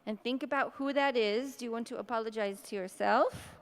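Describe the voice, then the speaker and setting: A woman leading a guided tapping session, speaking slow scripted affirmations between deep sighs and breaths. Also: clear, resonant tone. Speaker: EFT tapping practitioner. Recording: long reverb in a hall.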